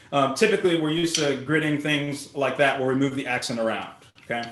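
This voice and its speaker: Relaxed male drum teacher, echoey room. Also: mid-range voice, normal speed, slight background noise. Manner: relaxed, often ends with "right?". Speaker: drum instructor. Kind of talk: casual instructional talk.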